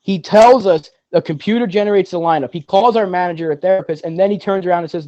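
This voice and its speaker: A frustrated man arguing sports on a podcast in a rapid-fire run. His voice is a little high yet mellow in tone, and the sound is dull, dry and lo-fi. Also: no echo. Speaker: podcast co-host. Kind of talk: casual sports chat.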